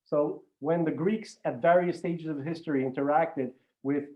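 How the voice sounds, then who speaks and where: A man's voice: a little high, normal speed, muffled recording. A man chatting casually as a regular podcast guest, rambling with many restarts and some swearing. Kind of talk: casual chat.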